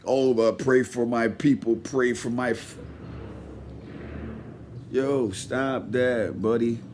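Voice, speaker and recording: A man giving a heated, profane commentary rant, swinging between loud shouting and low muttered asides. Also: fairly even intonation, slow, slight background noise. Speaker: commentary vlogger. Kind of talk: ranting commentary.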